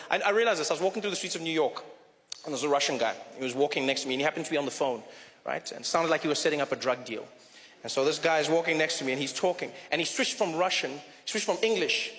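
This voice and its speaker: A man doing a stand-up comedy set in a theater, telling stories in an animated way and slipping into accent impressions. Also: a little high. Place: theater stage. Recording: live theater with long reverb and audience noise.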